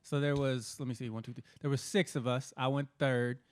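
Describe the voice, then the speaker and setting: A man's voice: medium pitch, fairly even intonation, brisk. A man co-hosting a comedy podcast, trading teasing jokes with his partner. He tells his own stage stories in a loose, chatty way. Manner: joking, teasing banter. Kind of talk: casual chat.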